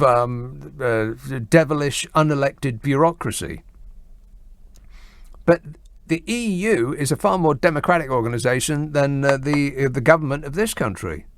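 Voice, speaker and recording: A man's voice: mid-range voice, fairly bright tone, no room sound, clean studio sound. A man hosting a late-night radio phone-in, sardonic and exasperated as he argues with callers. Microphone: studio microphone.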